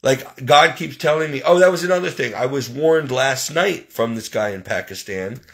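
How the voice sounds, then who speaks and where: A man's voice: mid-range voice, moderate pace, a bit bright. A man who works as a caregiver, venting emotionally about his situation in a heated, aggrieved, religious way. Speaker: professional caregiver. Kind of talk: emotional personal vent.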